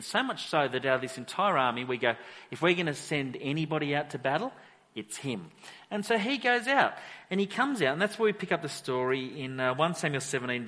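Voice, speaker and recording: A pastor preaching a sermon, telling the story with animated energy and acting out the characters. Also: male voice, mid-range voice, long reverb tail. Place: church hall.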